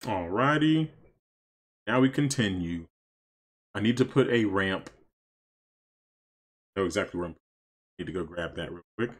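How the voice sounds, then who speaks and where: A man casually commenting on his gameplay for stream viewers, chatty and excitable, talking to his chat. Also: deep voice, measured pace, long pauses. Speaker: streamer playing a life-sim game.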